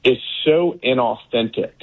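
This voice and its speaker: A man's voice: medium pitch, a little slow. Man on a tinny phone line. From Texas. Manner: emphatic, frequent fillers and restarts. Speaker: political guest. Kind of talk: political interview commentary.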